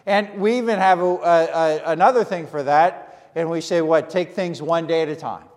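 A man preaching a sermon in earnest, short repeated phrases with pauses. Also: on the high side, long reverb tail. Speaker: pastor.

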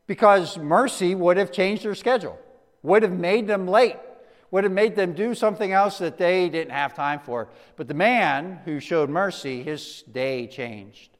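A man giving a conversational sermon as a pastor, often restarting words and dropping to a soft, slow hush for emphasis. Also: sits high, in a large hall. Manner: conversational, with frequent restarts and stammered repeats.

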